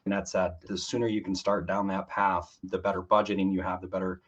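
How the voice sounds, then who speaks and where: A man's voice: deep voice, level tone, brisk, muffled recording. A man, a financial planner, explaining things steadily as a podcast guest. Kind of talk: podcast interview.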